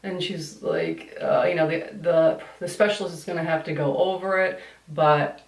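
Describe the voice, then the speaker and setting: A woman's voice: sits low, steady tone, normal speed. Woman rambling thru a grwm vlog, complains a lot, echoey room, mic kinda far off. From United States. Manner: rambling, complaining, swears casually. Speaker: beauty vlogger. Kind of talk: chatty get-ready-with-me vlog.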